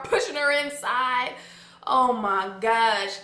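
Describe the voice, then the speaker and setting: A young woman with a bright, high voice tells her own story in a casual, dramatic way, cursing freely. Her voice rings in an echoey room. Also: takes it slowly. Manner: animated, dramatic, swears freely.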